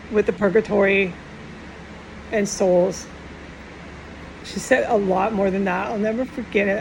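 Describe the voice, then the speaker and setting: A woman's voice: mid-range voice, vocal fry, slight background noise, poor audio. A middle-aged woman talking tearfully and in a rambling, upset way in a personal monologue, often trailing off and starting over.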